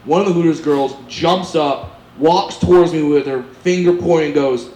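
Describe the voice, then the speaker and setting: A man telling a stand-up story, animated and acting out characters with loud, high shouts. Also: normal speed. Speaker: stand-up comedian. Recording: echoey live venue with background noise.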